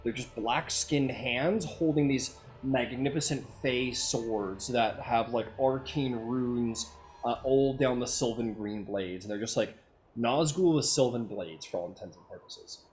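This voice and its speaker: A man's voice: mid-range voice, measured pace, a little hiss or hum. Man running a rambling tabletop game. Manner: rambling, with many fillers like "um" and "like". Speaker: game master.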